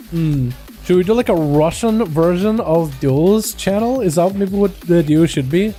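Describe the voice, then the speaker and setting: A male game streamer with a high voice that has a soft, mellow tone. He chats casually with his viewers and then switches to lively, hyped play-by-play commentary on duels. Faint music plays underneath. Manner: energetic, hyped, chatty with viewers.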